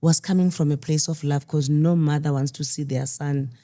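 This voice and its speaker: A grieving mother telling her story in an interview, candid and halting, often quoting what others told her. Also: deep voice, fairly even intonation, dark tone. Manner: candid, halting, with restarts and quoted dialogue. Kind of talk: emotional personal storytelling.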